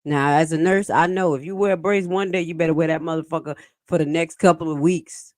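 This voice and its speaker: A woman's voice: sits low, fairly even intonation, brisk, darkish tone, dry recording, clean studio sound. A woman hosting a live stream, commenting on meeting clips in a sassy, profane, emphatic way.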